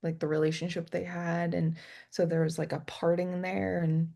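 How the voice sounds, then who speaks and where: Low, gravelly-voiced young woman chatting casually. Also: flat delivery, moderate pace, mellow. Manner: bubbly, lots of fillers and laughs. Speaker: co-host. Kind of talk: casual movie chat.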